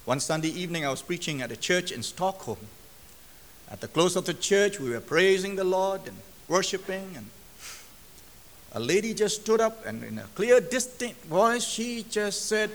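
Lively high-voiced male preacher. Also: normal speed, long pauses. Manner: storytelling, acting out quoted dialogue. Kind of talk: sermon testimony. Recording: long hall reverb.

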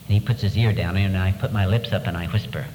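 Man, lowish voice, earnest measured storytelling, long hall echo, noisy background. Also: fairly even intonation. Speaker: speaker recounting wartime captivity. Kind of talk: storytelling talk. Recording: echoey hall with background noise.

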